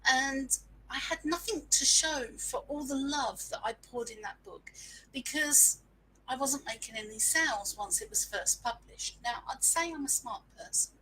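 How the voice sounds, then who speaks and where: A woman's voice: sits high, normal speed, sharp tone, a little hiss or hum, poor audio. A woman, telling a frank, self-mocking story in a casual live stream and sprinkling in mild swearing. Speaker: small business owner sharing marketing lessons.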